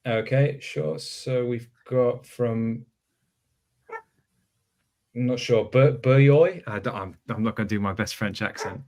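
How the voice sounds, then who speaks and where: A man reading listener questions aloud on a podcast, halting and stumbling over names as he goes. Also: mid-range voice, a little mellow.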